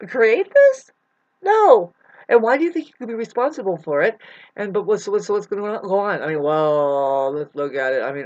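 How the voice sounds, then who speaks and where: A woman vlogger with a voice on the low side rambles through a searching spiritual monologue, addressing the viewer directly as "babes". The audio is muffled and lo-fi, with no echo.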